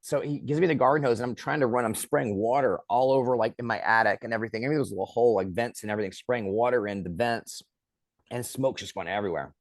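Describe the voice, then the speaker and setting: A man's voice: mid-range voice, fast, dry recording. Male director as guest, casual storyteller who acts out quotes, dry close sound.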